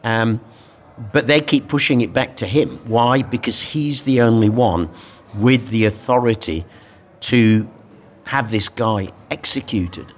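A man in a conversational discussion of a Bible passage, speaking in a reflective, animated way. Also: medium pitch, unhurried. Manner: reflective, animated, acts out quoted lines.

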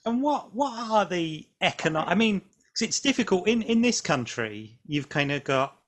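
A man's voice: high-pitched, very animated, moderate pace, fairly bright tone. Curious male interviewer. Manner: thinking aloud, restarts his questions. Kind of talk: casual interview questions.

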